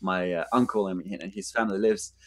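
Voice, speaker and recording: A man's voice: sits low, fairly even intonation, a little fast. French-accented man thinking aloud. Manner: thinking aloud, searching for words. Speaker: guest actor. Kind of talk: casual interview talk.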